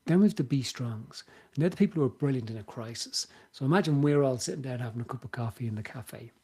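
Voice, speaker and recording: A man with an Irish accent, hosting a podcast, explaining ideas in a casual, animated way and acting out what people say. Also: mid-range voice, fast talker, slightly rough. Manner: animated, acts out quoted voices. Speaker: podcast host.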